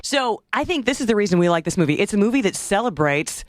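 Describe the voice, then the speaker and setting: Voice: mid-range voice, big pitch swings, fast, over music. A podcast co-host chatting in an upbeat way and laughing easily. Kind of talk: casual podcast chat.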